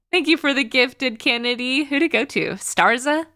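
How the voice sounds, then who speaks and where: A young woman with a high, animated voice chats casually while livestreaming a game, speaking at a measured pace with a sharp, sarcastic edge and laughing often. The recording is dry, with clean studio sound.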